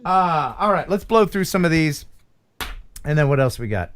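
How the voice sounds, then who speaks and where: A man's voice: on the high side, animated, moderate pace, a bit bright. A man, around his forties, hosting a casual live stream chat in a goofy, playful way and laughing often. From USA.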